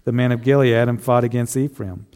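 Mellow-voiced pastor preaching conversationally. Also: male voice, medium pitch, steady tone, brisk, clear, resonant tone. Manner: conversational, rhetorical tag questions. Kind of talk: sermon.

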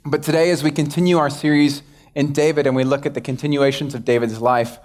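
A man's voice: fairly high pitch, steady tone, fast, darkish tone. A young man, a pastor, giving a casual, self-deprecating sermon and acting out quoted exchanges. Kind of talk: conversational sermon.

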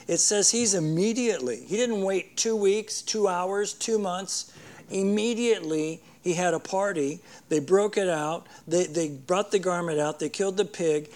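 A man preaching a sermon with an earnest, storytelling delivery. His voice sits a little high for a man. He acts out the people in the story and drops to a softer tone to stress a point. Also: a little slow. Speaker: pastor.

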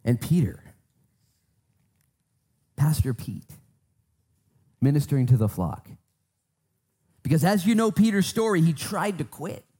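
Fervent, mellow-voiced male pastor. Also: on the high side, unhurried, long pauses, husky. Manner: fervent, swings from hushed to emphatic. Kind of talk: sermon with prayer.

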